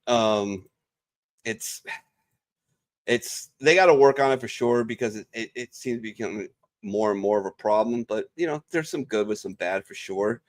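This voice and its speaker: A young adult man, a veteran panelist on a video call, telling stories in a casual, profane and animated way. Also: lowish voice, normal speed. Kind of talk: casual storytelling chat.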